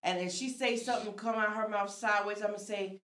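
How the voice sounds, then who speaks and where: A woman in her thirties chats casually as a podcast co-host, animated, with sudden dares when she acts out scolding her children. Her voice sits in a middle register. The recording carries a noticeable roomy echo. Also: medium pitch, fairly quick. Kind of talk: casual chat.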